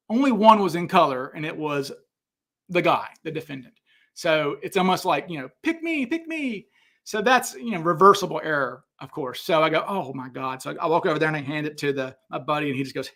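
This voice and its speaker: A middle-aged man hosting a casual question-and-answer stream, telling anecdotes in an animated way with many fillers and restarts. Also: on the high side, gravelly. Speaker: host answering viewer questions. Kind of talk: casual livestream Q&A.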